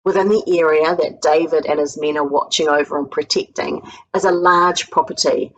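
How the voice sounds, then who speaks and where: A woman with a New Zealand accent giving a sermon as a guest speaker, retelling a Bible story in a lively way and acting out the quoted lines with a raised voice. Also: low voice, normal speed, a little hiss or hum, low-quality recording. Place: home recording for an online church service.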